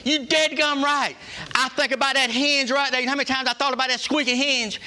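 With a bright, high voice, this folksy workplace leader delivers a motivational culture talk to his staff much like a sermon. He's emphatic, repeats phrases, and poses questions to the room, keeping his intonation fairly even and his pace a little fast.

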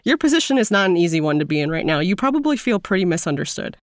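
A woman's voice: lowish voice, very animated, very fast, no room sound, studio quality. A woman co-hosting an advice podcast, talking casually in a reflective, thoughtful way.

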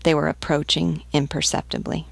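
A woman narrating an audiobook in a steady, unhurried way. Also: low-pitched, gravelly, dry recording.

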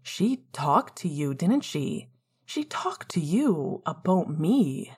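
A woman reading aloud voices an earnest, talkative young man in a storybook reading, in a slow, defensive way. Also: low-pitched, sing-song, darkish tone, husky, full character voice.

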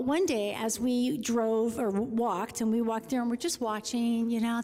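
A woman gives an informal devotional talk before an audience in a large room, telling a story chattily with frequent restarts. Her voice is a little high with a dark tone, and the recording carries the long reverb of a large hall.

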